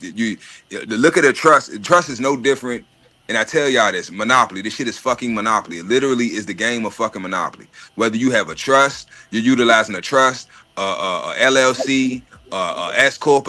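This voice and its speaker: Man, bright forceful voice, casual streetwise chat, swears a lot, stumbles and repeats words. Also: on the low side. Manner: profane, streetwise, repeats words when thinking. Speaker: podcast host.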